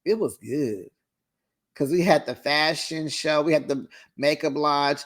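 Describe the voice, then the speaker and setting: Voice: medium pitch, measured pace. Sassy chatty reality-show recap host. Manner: sassy, chatty, calls listeners honey and child. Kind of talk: casual recap commentary.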